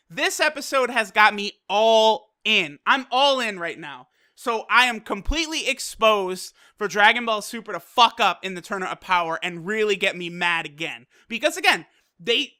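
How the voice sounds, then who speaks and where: Man, anime reviewer, excited, profane, bright tone, acts out characters. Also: high voice. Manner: hyped, profane, recaps scenes by mimicking characters.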